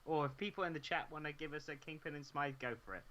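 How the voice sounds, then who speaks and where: Bright, giggly man co-hosting. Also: fairly high pitch, fast, slight background noise. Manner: giggly, upbeat. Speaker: stream co-host reading chat. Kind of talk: casual live-stream chat.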